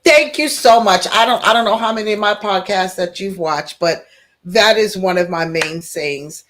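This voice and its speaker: A woman's voice: mid-range voice, normal speed, a bit bright. A woman hosting a podcast interview, responding in an affirming way. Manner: affirming, frequent short responses. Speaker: podcast host. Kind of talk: casual interview.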